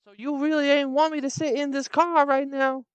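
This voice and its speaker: A man voicing a brash woman who begs for money from the back seat of a car, loud, blunt and pleading. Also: very high voice, flat delivery, moderate pace, no room sound, dull audio, pitched above the performer's own voice.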